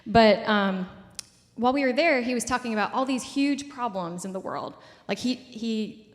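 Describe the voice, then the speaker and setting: A woman's voice: a little high, moderate pace, big-room sound. A woman in her twenties giving a casual public talk at a community event, full of "like" and "um" fillers. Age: 20s.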